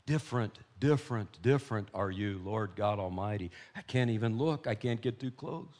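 A man preaching from the pulpit with dramatic swings between quiet intensity and loud emphasis. He drives his points home through repetition, building and falling in waves. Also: on the low side, moderate pace. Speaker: pastor. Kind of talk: sermon.

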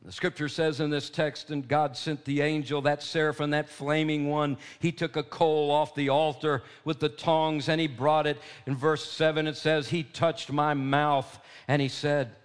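A pastor preaching a sermon, a man with an emphatic, repetitive delivery that swings from hushed to loud. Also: fairly high pitch, fairly even intonation, measured pace, hardly any pauses, clean tone.

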